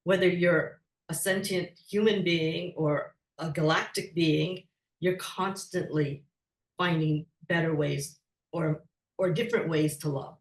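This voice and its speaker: Slow, gentle woman in an echoey room. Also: deep voice, fairly even intonation. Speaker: guest. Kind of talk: calm spiritual talk. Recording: echoey, distant from the mic.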